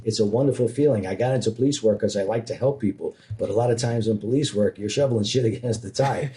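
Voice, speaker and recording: A middle-aged man, a former police officer and riding instructor, telling funny stories in a casual, animated way. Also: lowish voice, fast, a little hiss or hum. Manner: animated, self-deprecating humor. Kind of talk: casual storytelling in conversation.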